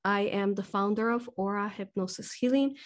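A woman with a mid-range voice hosts a live spiritual question-and-answer talk at a moderate pace. She's a host and hypnosis teacher who gets emotional, laughs often, and sounds a little short of breath.

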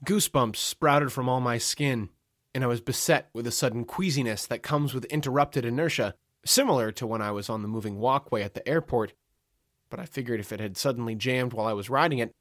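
A man narrating a comic first-person story in a wry, dry, deadpan manner. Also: mid-range voice, brisk, no echo.

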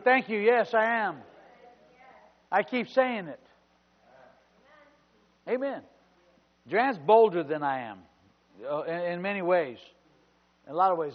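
This dull, lo-fi sermon recording captures a pastor preaching in a large church hall, pausing often as he speaks at a normal speed. His voice sits high, and he calls out to the congregation throughout.

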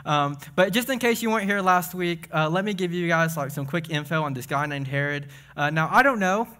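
Excitable young preacher, bright voice. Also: male voice, fairly high pitch. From Tennessee. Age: young adult. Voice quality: speech impediment. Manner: excitable, fast, self-deprecating. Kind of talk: casual sermon with jokes.

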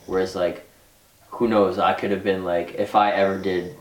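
A young man in a casual chat with friends, quick and wisecracking. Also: deep voice, level tone. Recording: roomy sound from a distant mic.

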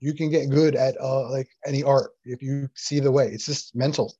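A man guest telling a personal story in a halting way, full of fillers and restarts, close to tears. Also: mid-range voice, fairly even intonation, mellow, slightly rough, no room sound, lo-fi sound. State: near tears. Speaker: interview guest, sound healer. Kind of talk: emotional personal story in casual conversation.

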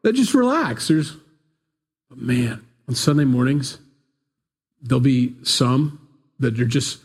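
A man preaching a conversational sermon into a microphone in a small church room, animated and acting out different voices. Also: mid-range voice, takes it slowly, husky. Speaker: pastor. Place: church room, not big. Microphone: pulpit microphone.

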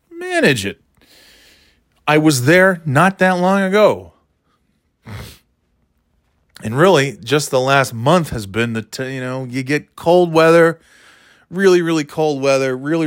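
At home in his living room, a man vlogs a casual monologue to camera, rambling in a self-deprecating and casually profane way. His voice is medium-pitched with a fairly bright tone, recorded at studio quality with no room sound.

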